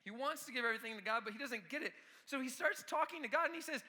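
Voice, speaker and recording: Bright energetic man preaching to teens. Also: very high voice, fast talker, few pauses. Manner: energetic, talks straight to the students. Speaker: youth pastor. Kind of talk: youth sermon.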